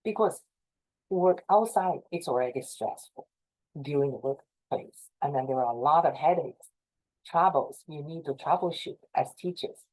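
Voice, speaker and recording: A woman's voice: deep voice, moderate pace, darkish tone, poor audio. A middle-aged woman with a Chinese accent, earnestly giving advice to fellow association leaders on a video call. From China. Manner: earnest, repetitive, encouraging. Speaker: presenter advising association leaders. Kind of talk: informal talk to a professional group.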